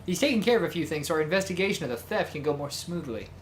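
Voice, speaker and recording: Ein Mann spielt einen frechen Flirtvogel. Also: male voice, on the high side, lively intonation, rapid-fire, soft background music, lightly acted. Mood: teasing. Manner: playful, teasing.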